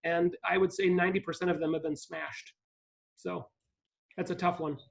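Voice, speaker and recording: High, flat-toned man on a video call. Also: moderate pace, vocal fry, poor audio. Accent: Ohio. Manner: hesitant, many ums and restarts. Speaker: park district CEO, guest speaker. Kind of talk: live video call talk.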